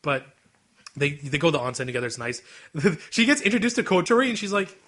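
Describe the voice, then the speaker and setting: Fast, bright-voiced young man retelling anime. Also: on the high side. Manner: animated, acts out scenes in quoted voices. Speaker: podcast co-host. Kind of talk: casual anime chat.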